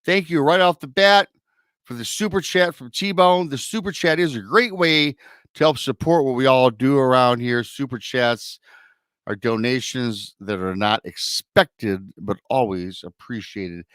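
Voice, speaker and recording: A man's voice: medium pitch, unhurried, fairly bright tone, smooth, dry recording. Male podcast host, casual promo patter, dry close-miked sound. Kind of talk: live show intro and announcements.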